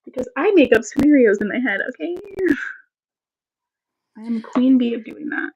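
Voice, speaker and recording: A woman's voice: on the high side, animated, normal speed, a little mellow, slightly rough. Woman, 30s, casual live-stream co-host, chatty storyteller, lo-fi audio. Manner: chatty storyteller, laughs easily. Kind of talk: casual chat.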